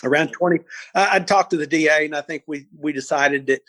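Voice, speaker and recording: A man in his sixties, an interview guest recounting cases in an animated way, often repeating words as he goes. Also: fairly high pitch, fairly quick, no room sound. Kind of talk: storytelling interview.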